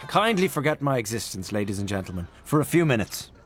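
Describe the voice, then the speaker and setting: A man's voice: mid-range voice, big pitch swings, quick pace, breathy edge. A man voicing an amiable, mock-formal male dinner host in a storybook reading.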